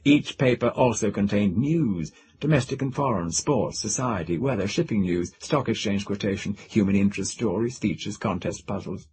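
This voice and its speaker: A man reading a science fiction story aloud as an audiobook narrator, with a dramatic, expressive delivery. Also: fairly low pitch, moderate pace, few pauses. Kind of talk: scripted narration.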